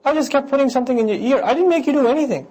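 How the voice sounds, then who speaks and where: A man's voice: extremely high pitch, animated, racing, a little mellow, soft background music, pitched above the performer's own voice, low-quality recording. A man voicing a smug male devil who brushes off blame like a salesman, in a casual, breezy way during a lecture. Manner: casual, breezy, self-excusing. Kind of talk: lecture with acted voices.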